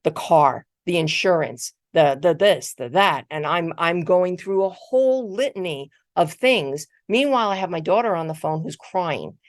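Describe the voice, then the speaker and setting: A middle-aged woman giving a motivational keynote, telling a personal story in a conversational, animated way and often repeating words. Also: fairly low pitch, moderate pace, hardly any pauses, no echo, clean studio sound. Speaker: keynote speaker. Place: virtual conference talk.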